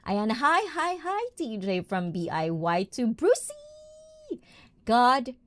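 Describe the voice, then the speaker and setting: A woman's voice: a little high, sing-song, slow pace. A bubbly, giggly woman of Filipina-Japanese background chatting casually as a livestream host, greeting viewers one after another. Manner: bubbly, giggly, mixes in Tagalog and Japanese words. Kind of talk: casual livestream chat reading the chat.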